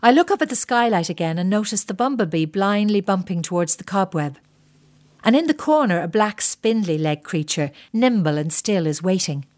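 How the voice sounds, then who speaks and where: A middle-aged woman narrates a first-person story at a measured pace. Her voice sits a little low, and her reading is reflective with a quietly bitter edge.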